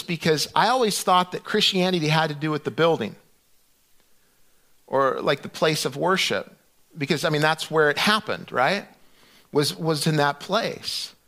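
High-voiced man preaching conversationally. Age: middle-aged. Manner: conversational, animated storytelling with restarts. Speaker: pastor. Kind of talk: sermon.

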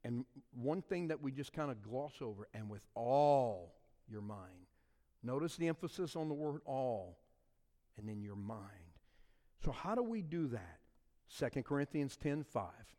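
Man, pastor, preaching a sermon, lively rising and falling pitch, long hall reverb. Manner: preaching with sweeping swings between loud and soft.

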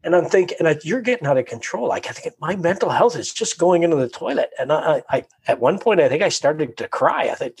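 A man telling a personal story in conversation, animated and acting out his own inner voice. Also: fairly high pitch, fast, few pauses, slight background noise.

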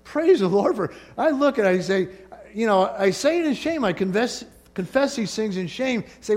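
A man preaching a sermon as pastor, conversational and animated, with frequent jokes. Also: sits high, normal speed.

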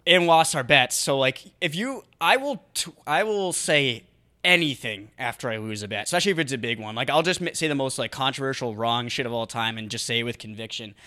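A man's voice: medium pitch, expressive, brisk, pushed and bright. A man from New England co-hosting a casual podcast, rambling with lots of hesitations and restarts. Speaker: podcast co-host.

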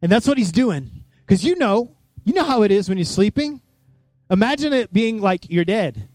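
Animated male preacher, dry close sound. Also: sits high, moderate pace, dry recording. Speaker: pastor. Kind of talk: sermon.

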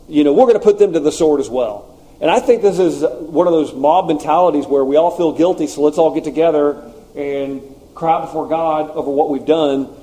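Male preacher, warm mellow tone, casual and animated. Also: a little high. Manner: conversational, animated asides. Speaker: pastor. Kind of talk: sermon.

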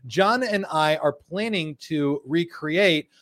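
A man's voice: a little high, slow, a bit bright. Chatty man hosting a live show. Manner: chatty, jokey, reads viewer comments aloud. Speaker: host. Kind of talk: casual live-stream chat. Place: studio in Phoenix.

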